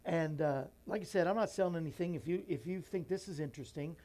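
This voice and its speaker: A man's voice: fairly high pitch, quick pace. Emotional man reading a children's book. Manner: emotional, voice drops soft and near tears; earnest, folksy asides to listeners. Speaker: radio show host.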